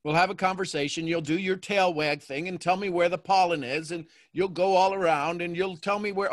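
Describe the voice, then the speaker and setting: A man hosting a coaching call, talking in a playful, animated way and acting out little quotes. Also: high voice, a little fast, hardly any pauses, no echo, clean studio sound. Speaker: host and mentor.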